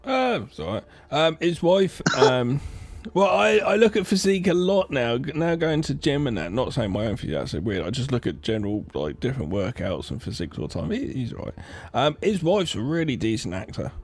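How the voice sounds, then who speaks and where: A man's voice: mid-range voice, very animated, a little fast, few pauses, slightly rough. A man co-hosting a podcast, rambling frankly about films and his own life, laughing often. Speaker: podcast co-host. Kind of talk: casual film chat.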